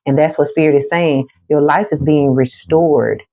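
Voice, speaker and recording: A woman reading spiritual cards on a livestream, talking to her chat in an emphatic, repetitive way that slows for calming affirmations. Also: sits low. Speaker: spiritual card reader on a livestream. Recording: dull lo-fi sound.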